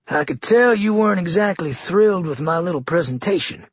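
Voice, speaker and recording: A man voicing a menacing one-armed male town leader with a gravelly Georgia twang and exaggerated, theatrical enunciation, pitched higher and louder than his own husky voice. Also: animated, brisk, no room sound, lo-fi sound, full character voice. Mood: sardonic, menacing.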